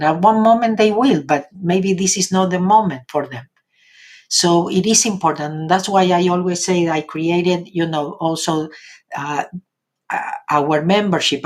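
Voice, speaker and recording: A woman with an Argentinian accent, a native Spanish speaker in middle age, speaks in a fairly low voice. She addresses her live-stream audience as a spiritual teacher. Her delivery is chatty and loose, and she keeps checking in with a quick "yes?". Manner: chatty, frequent "yes?" tag questions.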